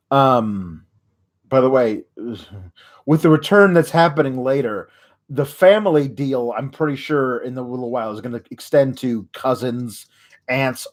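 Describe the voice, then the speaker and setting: A man hosting a comedic wrestling recap, ranting in a rambling, sarcastic way. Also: medium pitch. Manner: rambling, sarcastic, halting with fillers. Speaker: host of a wrestling recap show.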